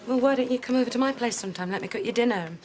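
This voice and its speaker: A flustered woman, played by an actress, stammers and hedges while setting up a date. Her voice is a touch high. Faint ambient noise sits behind her. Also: racing, darkish tone, lightly acted. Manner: hesitant, nervous, stumbling. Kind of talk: TV soap acting.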